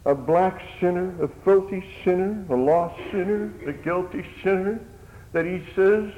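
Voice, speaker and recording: A man's voice: high voice, a little slow, long reverb tail, narrow, tinny audio. A man preaching a sermon in an earnest, pleading manner that rises in fervor.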